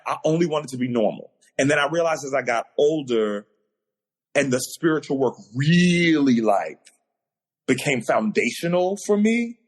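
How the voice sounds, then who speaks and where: A man with a husky, slightly breathy voice speaks as a guest over a video call. He tells a personal story earnestly, his emotion building as he relives it. His pitch sits in the middle for a man. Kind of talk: personal storytelling in a podcast interview.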